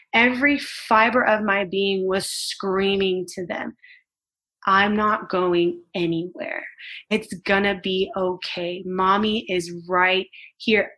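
A young adult woman speaks with a breathy, slightly husky voice at a middle pitch. She tells a painful personal story in conversation, halting and repeating herself as the emotion comes through. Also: sharp tone. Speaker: podcast guest.

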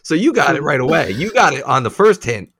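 A man's voice: fairly high pitch, sing-song, a little fast, vocal fry, a bit bright, slightly rough, dry recording, clean studio sound. A man in his thirties, a podcast co-host and father, telling family stories in casual chat with plenty of laughter and swearing.

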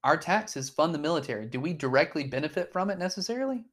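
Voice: medium pitch, expressive, fast, fairly bright tone. Chatty, swearing podcast host. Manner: chatty, swears, laughs often. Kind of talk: casual chat.

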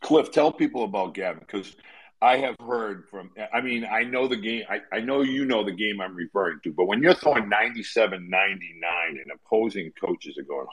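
A man's voice: fairly low pitch, lively intonation, brisk, fairly bright tone, slightly rough, low-quality recording. A man interviewing a coach, asking long, rambling questions.

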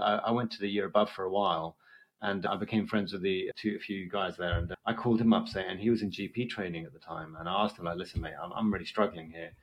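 A man, a doctor, telling candid stories about his early work in a casual chat. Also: fairly low pitch. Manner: candid storytelling, quick and rambling.

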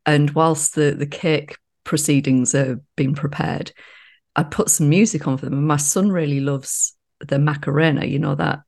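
Low gravelly-voiced woman chatting. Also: steady tone, moderate pace, a little mellow. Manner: chatty storytelling, laughs often. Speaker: podcast co-host. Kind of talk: casual chat.

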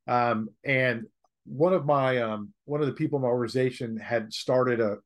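A man who is an author, telling a blunt, joking story in an interview and acting out the people in it. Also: mid-range voice. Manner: lively, joking, acts out quoted people; blunt, slangy.

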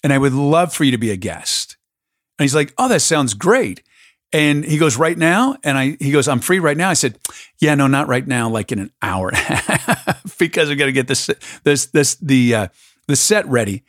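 A man's voice: medium pitch, animated, normal speed, a bit bright, no echo, clean studio sound. A man hosting a podcast, telling a story in a casual, enthusiastic way. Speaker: podcast host. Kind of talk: casual conversation.

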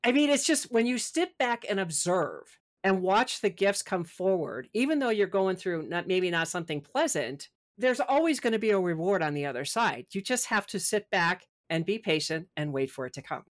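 Her voice sits in the mid-range and has a sing-song lilt, moving at a moderate pace with hardly any pauses. This middle-aged author is a podcast guest in a casual spiritual interview, discussing spirit and personal growth with animation and voicing her inner self aloud.

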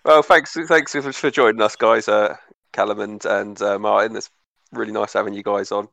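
A man's voice: fairly low pitch, fairly even intonation, normal speed, creaky, fairly bright tone, dry recording. A man hosting a casual podcast, laughing often and wrapping up the episode. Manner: laughs a lot, wraps up the show. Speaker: podcast host.

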